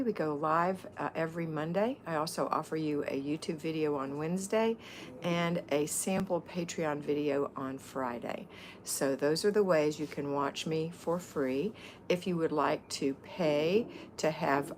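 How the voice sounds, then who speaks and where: A woman's voice: low-pitched, slight background noise. A middle-aged woman hosting a casual livestream, chatting and greeting viewers by name as a home-organizing mentor.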